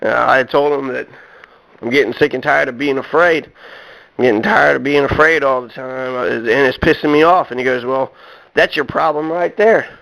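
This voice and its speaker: A man's voice: medium pitch, steady tone, moderate pace, creaky, a bit bright, highs cut off. A man delivering a personal rant to his viewers, blunt and profane, stumbling over fillers and restarts as he works himself up. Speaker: vlogger.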